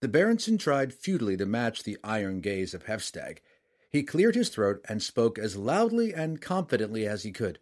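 A man narrating a fantasy story as an audiobook, in a measured, dramatic reading. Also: fairly low pitch, big pitch swings.

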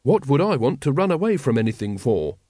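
An earnest, literal-minded young recruit voiced by a man in an audiobook. He speaks plainly and keenly, in a lively voice recorded dry and close. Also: mid-range voice, fairly quick, no room sound.

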